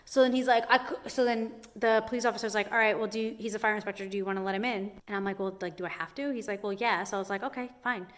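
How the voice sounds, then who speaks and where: A young woman who owns a hair salon, telling a story to the camera in a chatty, animated way and saying "like" constantly. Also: medium pitch, fast, few pauses. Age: young adult.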